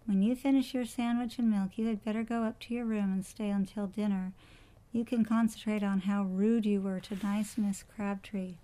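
A proper, worried mother, read by a woman telling a storybook. She scolds and frets in a prim, measured tone. The voice stays close to an ordinary speaking voice. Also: medium pitch, flat delivery, mellow, natural voice, rough recording.

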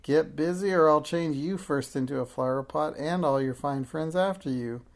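A storyteller voicing a cruel, bossy old witch who screeches her threats in a shrill voice. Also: moderate pace, close to an everyday voice. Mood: shrieking. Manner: snapping threats, high cackling tone.

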